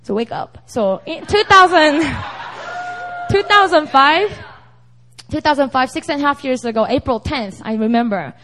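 Lively high-voiced young woman preaching. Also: normal speed, a little hiss or hum. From South Korea. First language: Korean. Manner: chatty, with frequent "you know" and "right?". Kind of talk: casual, animated sermon.

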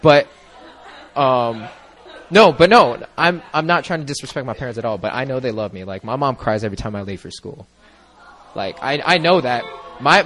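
A man's voice: medium pitch, fairly bright tone. A young man sharing a personal testimony at a church gathering, talking into a microphone in a mid-range voice. He rambles earnestly, leaning on "like" and "you know" and breaking into easy laughs. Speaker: church member giving a testimony.

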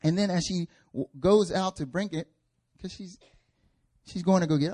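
A man preaching a sermon in a conversational way, acting out biblical figures and building to loud, passionate peaks. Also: sits high, normal speed, long pauses. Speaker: pastor.

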